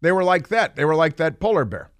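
A man's voice: on the high side, quick pace, dry recording. A middle-aged man hosting a talk radio show, delivering a sarcastic, mocking monologue in a studio. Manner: sarcastic, mocking, animated storytelling. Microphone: studio microphone.

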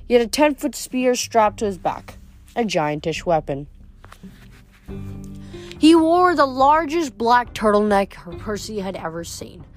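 A woman narrating a novel aloud in a lively storytelling manner with occasional small slips. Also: fairly high pitch, a little slow, faint music behind. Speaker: audiobook narrator.

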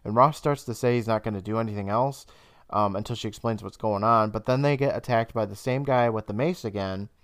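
Smooth-voiced man recapping a show. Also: no room sound, clean studio sound. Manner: retelling a plot with laughs and quick bursts of high mock voices. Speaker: podcast co-host. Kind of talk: casual recap chat.

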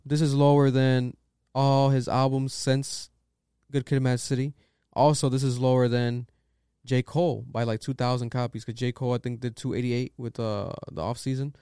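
A man's voice: mid-range voice, level tone, normal speed, warm tone, clean tone, no room sound, studio quality. A man hosting a casual podcast, giving loose, profane opinions on music news. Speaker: podcast host.

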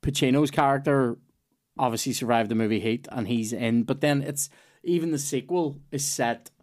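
A man, hosting a podcast in casual chat, rambling and excitable, often tripping over his words. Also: medium pitch, moderate pace. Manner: rambling, excitable, self-interrupting. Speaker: podcast host.

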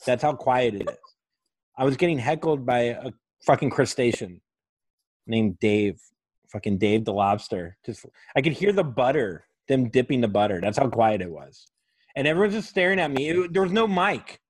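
A man's voice: medium pitch, expressive, normal speed, slightly rough, no room sound. A man who is a comedian hosting a podcast, telling a rambling story in casual chat and swearing often.

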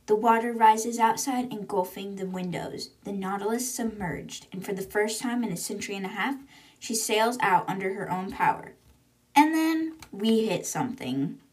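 Here a woman hosts a podcast and loosely retells chapters of a book, frequently quoting with "she's like." Her mid-range voice moves at a moderate pace. She sounds distant from the mic, with a roomy echo.

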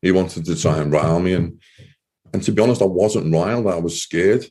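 A man's voice: low-pitched, brisk, dark tone, breathy edge. A man telling a personal story as an interview guest, rambling with frequent "you know" fillers. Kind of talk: casual storytelling.

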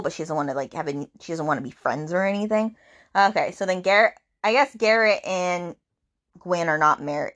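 A woman hosting a book podcast, recapping the plot in a chatty, rambling way with fillers and acted-out quotes. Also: on the low side.

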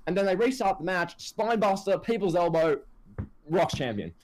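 In a high-pitched voice at a moderate pace, this man co-hosts a laid-back wrestling podcast, ranting with energy and mimicking others in exaggerated voices. A slight hiss or hum runs through the audio.

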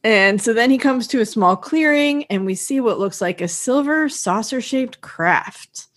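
A woman co-hosting a podcast, narrating a TV episode's plot steadily with wry comments and quick laughs. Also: fairly high pitch, animated, fairly bright tone. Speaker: podcast co-host. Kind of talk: casual chat recapping a TV episode.

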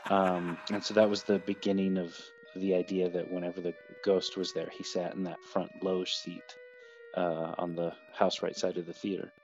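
A man's voice: deep voice, level tone, moderate pace, a little mellow, dull audio, faint music behind. A man telling a ghost story about an old theater in a casual, rambling way, with many fillers and restarts.

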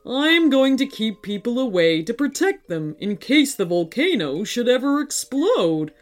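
A woman reading a children's story, voicing a lonely, gruff robot dinosaur that speaks slowly and loudly. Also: big pitch swings. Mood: sad. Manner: slow, loud, booming.

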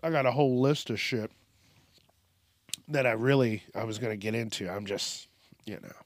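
Here a man at a medium pitch talks at a normal speed into a studio microphone, with no room sound. He's hosting a laid-back solo podcast, cursing and rambling with a hint of a Southern twang and laughing a lot.

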